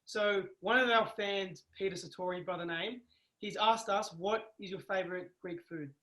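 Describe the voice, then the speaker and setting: A male host puts casual questions to a guest. His voice is high and bright, and the room around him rings with echo. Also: fairly even intonation, moderate pace. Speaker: interviewer, show host. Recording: roomy echo.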